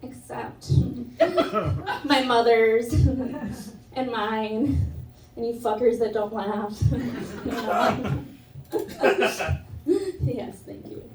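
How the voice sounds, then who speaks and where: A woman's voice: a little high, fairly even intonation, very slow, long pauses, a little mellow. A woman performing a stand-up set, telling crude, self-mocking jokes on a comedy club stage. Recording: roomy club audio from a distance with crowd.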